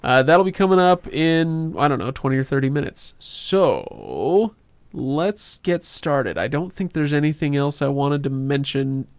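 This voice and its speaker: A man hosts a laid-back podcast, joking around and leaning on filler words as he talks. His voice sits a bit high for a man. The sound is dry and close, with no room echo. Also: animated, unhurried, smooth. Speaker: podcast host. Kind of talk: casual podcast chat.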